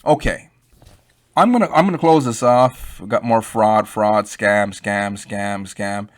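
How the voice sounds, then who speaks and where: Rambling man with a low voice. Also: unhurried. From Canada. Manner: rambling and emphatic, addresses viewers as "guys". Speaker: YouTube crypto commentator. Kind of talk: casual unscripted commentary.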